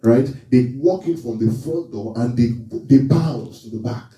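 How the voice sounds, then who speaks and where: In an echoey room, recorded from a distance, a man preaches a sermon in a warm, mid-range voice at an unhurried pace. He often checks in with the congregation by asking them questions.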